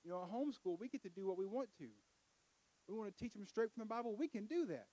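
A middle-aged man preaching a folksy sermon in church, building to loud emphatic peaks. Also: sits high, animated, fast talker, low-quality recording.

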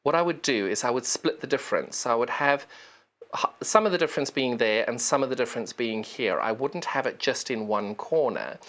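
Expressive and a little fast, a fairly bright mid-range voice guides viewers through a live televised sewing demo. The shopping channel presenter is chatty and jokes at her own expense, explaining each step and talking to the sewing machine while she works.

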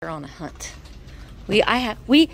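A woman's voice: medium pitch, very animated, normal speed, creaky, a little hiss or hum. A woman vlogging a thrift hunt in an antique mall, chatting casually, talking to the items and slipping into whispered asides. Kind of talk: casual thrift-shopping chat. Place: indoor antique mall with booths. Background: faint store music.

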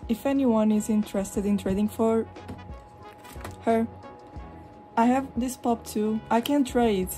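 A young woman from Europe chatting casually at home while showing her collection, rambling and expressive, slipping into animated retellings. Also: a little high, measured pace, soft background music. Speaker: vlogger. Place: hot room at home with a fan running.

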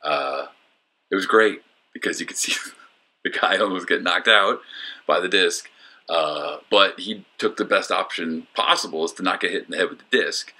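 Man, vlog voice-over, deep voice, bright tone, self-mocking, rambling. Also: moderate pace. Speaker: disc golf vlogger. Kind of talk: casual voice-over commentary.

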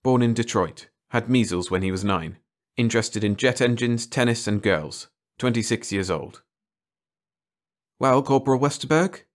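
A man with a low voice reads a short story aloud, steady and measured. His delivery is unhurried and clear, suited to bedtime listening. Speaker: audiobook narrator. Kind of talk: scripted narration.

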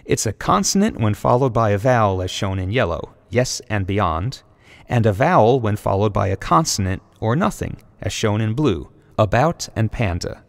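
A man's voice: lowish voice, very animated, creaky, long reverb tail. A man narrating a scripted video essay, carefully sounding out example words one by one. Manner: slow, deliberate word-by-word pronunciation.

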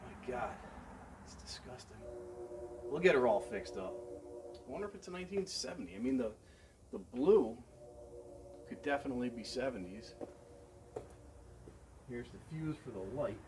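A man giving a casual running commentary as he works, excitable, exclaiming and thinking aloud into a camera mic held close. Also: mid-range voice, normal speed, pauses often. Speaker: vlogger restoring a vending machine. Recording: noisy background hiss.

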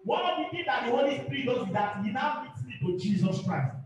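High-voiced pastor preaching, echoey. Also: male voice, very animated, fairly quick, a little hiss or hum. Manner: fervent, repetitive, calling out for amens. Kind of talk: sermon. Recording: very echoey hall, far from mic.

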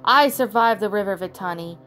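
A woman's voice: medium pitch, brisk, close to an everyday voice. A woman voicing a scheming, spiteful rogue lioness villain, reading her lines plainly in a storybook reading. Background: soft background music.

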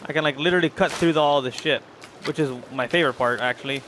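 Fast-talking and a bit bright, this young man's slightly high voice carries his casual commentary as he plays a video game for his channel. He rambles to both viewers and characters, with slight background noise.

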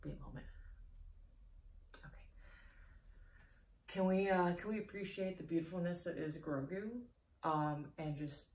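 A young woman vlogging an unboxing in casual chat, gushing and excitable, sometimes dropping to a whisper. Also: on the low side, a little slow, long pauses. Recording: roomy echo, faint noise.

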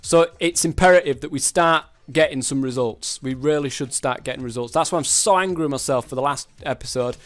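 A man's voice: medium pitch, brisk, hardly any pauses. A young man commentating his football game in casual chat, swearing a lot and ranting in frustration at the game. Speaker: gaming YouTuber.

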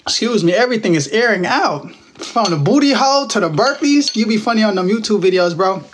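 A young man from Texas with a high voice chats loosely into his phone at home, reading out viewer comments and firing back teasing, slangy replies. A faint hiss and clatter hang under his voice. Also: expressive, fairly quick. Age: 20s. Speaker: livestream host. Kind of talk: casual livestream chat reading viewer comments.

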